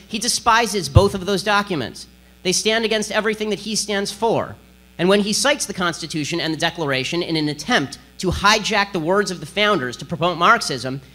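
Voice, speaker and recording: Man, fast-talking sarcastic lecturer with a slightly high, sharp voice and a faint mains hum. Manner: rapid-fire, combative and sarcastic. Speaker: political speaker giving a lecture. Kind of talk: speech to an audience.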